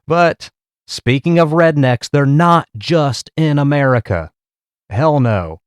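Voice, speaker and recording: A man hosts a casual comedy commentary with crude, profane jokes. His voice comes through smooth and clear. The mic is close and the room is dry. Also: fairly high pitch, animated, takes it slowly, dry recording. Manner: crude, profane, laughing often. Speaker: podcast host.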